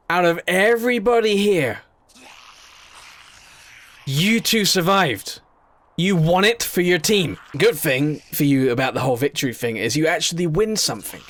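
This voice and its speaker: A man giving casual gameplay commentary, talking to the units on screen and swinging between excited shouting and low mumbling.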